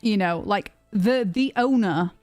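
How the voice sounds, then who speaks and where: A young British woman streaming, telling a story to her chat in a chatty, animated way with plenty of restarts. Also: medium pitch, unhurried, dry recording, faint music behind. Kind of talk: casual storytelling to a live chat.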